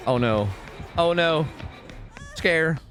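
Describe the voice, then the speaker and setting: A man's voice: on the high side, very slow, fairly bright tone, soft background music. A man voicing a panicky, timid young woman in a game, whimpering in broken baby talk. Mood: mock-scared.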